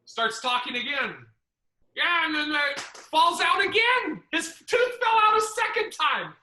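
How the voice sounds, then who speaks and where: A man hosting a podcast, telling a comedy club story in a casual, profane, animated way. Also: very high-pitched, a little slow, echoey room, slight background noise, rough recording.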